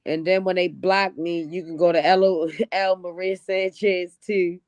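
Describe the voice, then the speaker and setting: A woman comedian from Baltimore, chatting casually on a podcast, laid-back with frequent pauses. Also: fairly low pitch, flat delivery, a little mellow, no room sound, highs cut off. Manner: laid-back, hesitant with fillers. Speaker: comedian guest.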